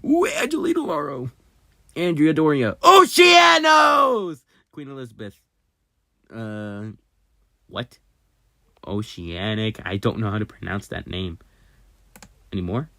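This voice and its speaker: A channel host giving casual commentary at a desk microphone while browsing, often mumbling half-words and fillers under the breath, then breaking into sudden loud excited outbursts. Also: mid-range voice, unhurried, pauses often, no echo, clean studio sound. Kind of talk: casual screen-recorded commentary.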